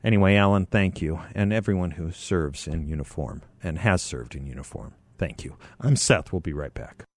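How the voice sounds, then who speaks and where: A man's voice: deep voice, animated, normal speed, dry recording. A man in his fifties hosting a call-in radio talk show, chatty, laughing often and commenting on the news he reads.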